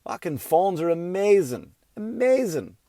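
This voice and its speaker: Middle-aged male comic, higher-pitched, ranting and profane, dry close mic. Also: animated, normal speed, dry recording. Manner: profane, ranting, swings from mutter to yelling. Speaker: stand-up comedian. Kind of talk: stand-up comedy routine.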